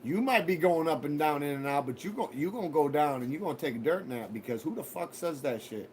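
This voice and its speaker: A male streamer talks casually to his chat, rambling and swearing, swinging between easy talk and mock threats. His voice sits a little high for a man. A faint hiss runs under the recording. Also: animated, fast talker. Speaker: livestream host.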